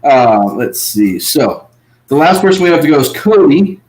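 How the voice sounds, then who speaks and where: Animated man recapping a reality show. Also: a little high, normal speed, rough recording. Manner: animated, laughs often, voices quoted contestants. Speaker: podcast co-host. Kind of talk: casual recap chat.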